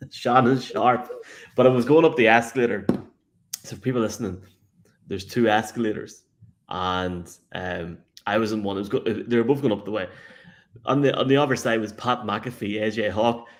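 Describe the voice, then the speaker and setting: An Irish man with a fairly low voice talks at a normal speed while co-hosting a live show. He jokes around, laughs easily, and reads out listener messages in casual on-air chat.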